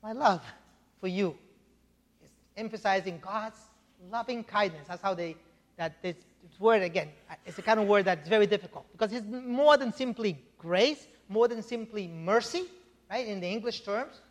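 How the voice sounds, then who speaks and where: A man's voice: high voice, normal speed. A man preaching a sermon in a church, teaching in a conversational way with frequent asides and checks like "right?". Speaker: pastor. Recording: long hall reverb.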